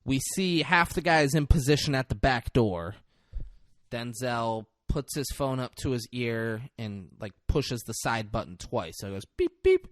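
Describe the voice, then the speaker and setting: A man, co-hosting a casual podcast, retelling a film scene by scene and acting out the lines in loud bursts. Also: medium pitch, measured pace, dry recording. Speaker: podcast co-host recapping a film. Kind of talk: casual chat.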